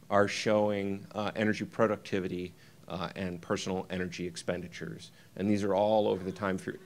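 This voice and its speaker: Low-voiced man giving a keynote. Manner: halting, many ums and uhs, talks through slides. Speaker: keynote speaker. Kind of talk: conference keynote talk.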